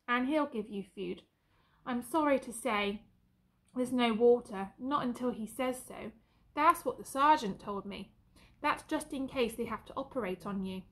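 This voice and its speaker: A woman voicing a kind young soldier who talks softly and coaxingly to a horse. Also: fairly high pitch, measured pace, lightly acted. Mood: gentle. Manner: soft, coaxing.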